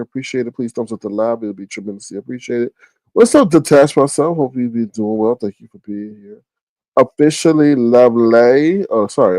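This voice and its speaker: A man's voice: medium pitch, dark tone, dry recording. A man hosting a casual livestream, teasing and greeting chat viewers by name. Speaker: livestream host.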